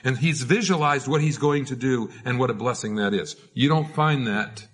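A man's voice: mid-range voice, normal speed, husky, soft background music. A man preaching a conversational sermon as a pastor, informal and prone to repeating words.

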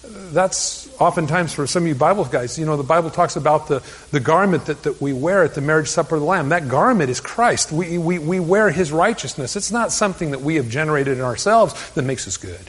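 A man's voice: fairly high pitch, lively intonation, fairly quick, few pauses, breathy edge, in a large hall. A man preaching a sermon as a pastor, earnest and conversational, often stumbling and restarting his words.

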